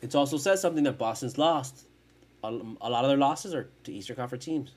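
A man hosting a sports podcast, ranting in casual, profane, animated talk. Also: mid-range voice, fairly quick. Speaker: podcast host.

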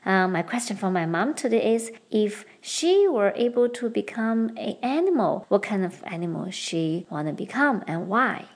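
A young woman hosting a podcast lesson, explaining Chinese patterns clearly and switching between English and Mandarin. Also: mid-range voice, animated, normal speed, hardly any pauses. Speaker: podcast host and Chinese teacher. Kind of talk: bilingual language lesson.

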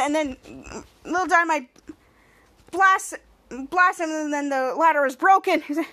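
A woman hosting a podcast, retelling a TV episode in a rambling way with many halting restarts, and acting out the characters' lines in animated voices. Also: high voice. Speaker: podcast host. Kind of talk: casual episode recap.

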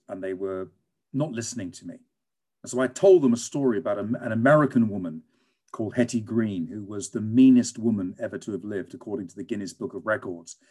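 A British man, a teacher and guest, telling lively stories in a conversational interview. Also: medium pitch. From England. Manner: animated storyteller, lively and emphatic.

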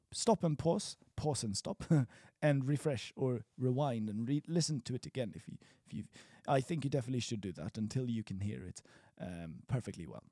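Guy teaching a lesson, slows down to repeat words, lively up and down voice, dry close sound. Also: mid-range voice, slightly rough, no room sound. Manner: chatty, repeats words slowly for learners. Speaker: Chinese language teacher. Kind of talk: casual spoken lesson.

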